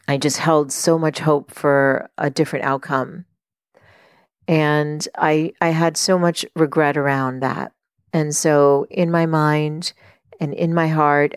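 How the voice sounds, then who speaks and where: A middle-aged woman hosting a podcast, telling a personal story in an earnest, reflective way, with many pauses and fillers. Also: deep voice, clean tone, no echo, studio quality. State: tearful while telling a story. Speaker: podcast host and life coach.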